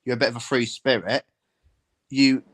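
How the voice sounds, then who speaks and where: A man's voice: medium pitch, steady tone, normal speed. Joking man in casual banter. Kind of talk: casual chat.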